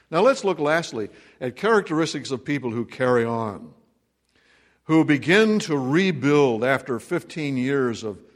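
A man preaching a sermon, earnest and direct, who acts out the voices of people in the scripture and puts pointed questions to his listeners. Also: a little high. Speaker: pastor.

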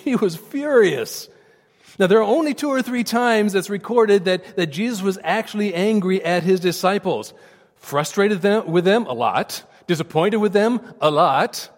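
High-voiced pastor preaching in a hall. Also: male voice. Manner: earnest, animated preaching with repeated words. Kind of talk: sermon.

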